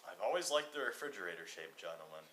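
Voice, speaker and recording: A man's voice: deep voice, big pitch swings, fast talker, fairly bright tone. A man playing a tabletop game, rambling and self-mocking, with stammered restarts. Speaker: player. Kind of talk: casual tabletop play. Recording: echoey room, mic far off, faint hiss.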